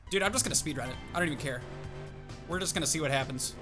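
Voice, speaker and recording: A young man giving jokey gameplay commentary as a YouTuber, talking to himself and his car with sudden excited outbursts. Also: a little high, racing, soft background music. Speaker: gaming YouTuber.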